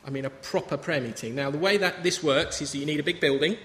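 A man's voice: a little high, quick pace, fairly bright tone. A man in his thirties preaching a sermon in a chatty, story-telling way. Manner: conversational, anecdotal preaching. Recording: reverberant hall with faint ambience.

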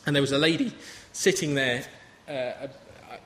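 A man's voice: mid-range voice, moderate pace, a bit bright. A man in his thirties preaching a sermon in a chatty, story-telling way. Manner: conversational, anecdotal preaching. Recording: reverberant hall with faint ambience.

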